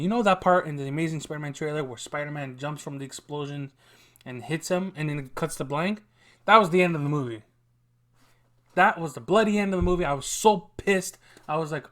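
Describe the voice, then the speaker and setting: A man hosting a casual opinion vlog, chatty and opinionated, with bursts of loud frustration. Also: a little high. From Canada. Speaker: vlogger ranking movie villains.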